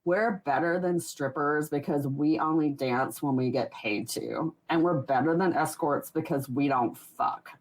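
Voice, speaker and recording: A woman's voice: deep voice, a little slow, hardly any pauses, poor audio. A woman voicing a smug young female lingerie-shop coworker, delivered matter-of-factly.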